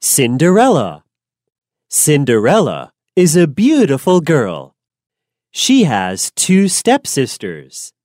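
A woman narrating a simple storybook in a clear, deliberate way. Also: deep voice, a little mellow, no room sound, clean studio sound. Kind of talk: slow storybook reading for learners.

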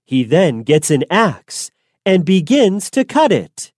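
A woman reads a storybook aloud, very slowly and clearly, her low voice rising and falling a great deal. The sound is dry and close. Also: big pitch swings, a little mellow, dry recording. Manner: clear, simple and deliberate. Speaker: narrator. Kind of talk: slow storybook narration for learners.

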